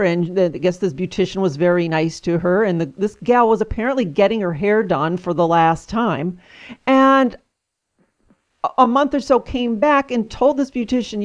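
Female radio host, gentle and conversational, affirming in tone. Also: medium pitch, moderate pace. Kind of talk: radio interview.

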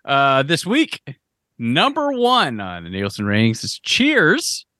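A man's voice: medium pitch, wildly swooping pitch, slow, pushed and bright, no echo, studio quality. A man hosting a casual film podcast, laid-back and running through rankings. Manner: laid-back, rattles off ratings lists. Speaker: podcast host.

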